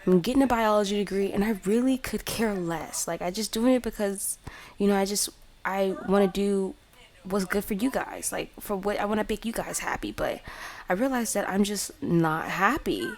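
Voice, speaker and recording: A woman's voice: medium pitch, normal speed, darkish tone, voice pushed up, lightly acted. A woman voicing an earnest young woman, a college student who pleads with her family in hesitant, filler-heavy speech.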